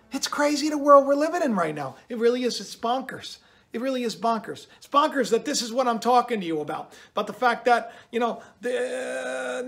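High-pitched guy hosting his channel, rambly and worked up about conspiracy stuff, faint music behind. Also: a bit bright. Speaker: channel host. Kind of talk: casual conspiracy commentary.

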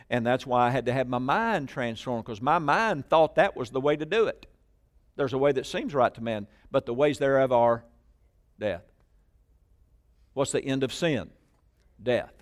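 A man preaching a sermon to a congregation, calling out lines for them to repeat, moving between loud emphatic bursts and quiet asides. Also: medium pitch. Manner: call-and-response preaching, prompting the congregation to repeat. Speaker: pastor. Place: church sanctuary with congregation.

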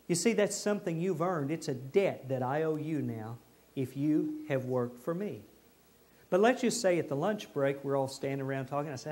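Folksy high-voiced preacher. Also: male voice. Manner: folksy, animated, acts out people he quotes. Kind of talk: sermon. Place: church.

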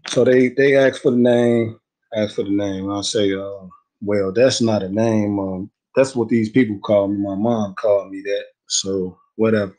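A man's voice: on the low side, fairly even intonation, normal speed, a little mellow, poor audio. A young man telling a story in a casual interview, slangy and rambling, laughing easily. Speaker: guest telling his story.

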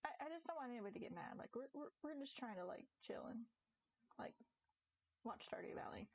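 A woman's voice: fairly high pitch, brisk, no room sound, low-quality recording. Giggly, chatty young woman streaming a game. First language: English. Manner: giggly, chatty and animated, talks to chat and her cat. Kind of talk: casual live-stream chat while gaming.

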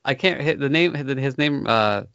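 A man's voice: medium pitch, lively intonation, normal speed, a bit bright, clean tone, no echo. A man co-hosting a podcast, chatting casually in a hesitant way with many fillers. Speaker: podcast co-host. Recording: dull dry lo-fi sound.

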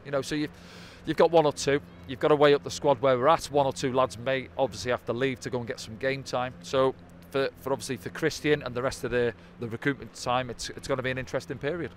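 A man talks football at a quick clip, breaking down a match casually and tossing in little tag questions. His pitch sits mid-range. Faint traffic noise hums behind him outdoors. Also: fairly even intonation. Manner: conversational, tag questions like "didn't they?". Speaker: football pundit. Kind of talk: post-match analysis chat.

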